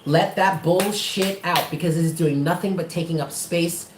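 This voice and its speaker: A man's voice: fairly high pitch, fairly even intonation, normal speed, reverberant, background noise. A man giving a live tarot reading, talking in an emphatic, blunt and affectionate way and swearing often. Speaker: tarot reader.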